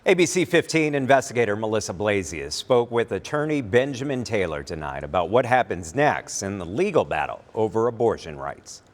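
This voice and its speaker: A man anchoring a local evening newscast, reading scripted news in a measured, formal way. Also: on the low side, big pitch swings.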